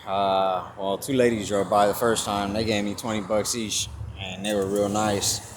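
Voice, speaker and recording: A man's voice: fairly low pitch, little pitch movement, moderate pace. A man casually retelling a story to his phone camera, acting out both sides of the talk, with loose swearing. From California. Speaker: vlogger. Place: outdoors at a store parking lot. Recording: noisy outdoor recording with passing traffic.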